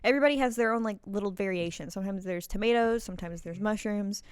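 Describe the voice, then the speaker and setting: A young woman co-hosting a podcast in casual chat, reacting loudly with quick remarks and swearing freely. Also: medium pitch, clean tone, no echo. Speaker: podcast co-host and editor.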